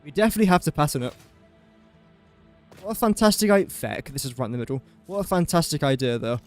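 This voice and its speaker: A young man with a slightly raised, light pitch talks casually through a gaming livestream. He drifts from topic to topic and pokes fun at himself. Soft music plays faintly underneath. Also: animated, fast talker. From England. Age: young adult. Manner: rambling, chatty and self-mocking while building. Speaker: streamer.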